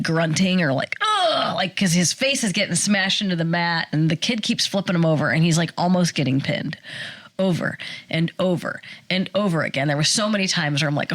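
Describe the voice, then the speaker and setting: Lively storytelling woman, low and dry. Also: no echo. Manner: animated storyteller, acts out quotes, fast bursts. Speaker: podcast co-host. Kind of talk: casual chat, personal storytelling.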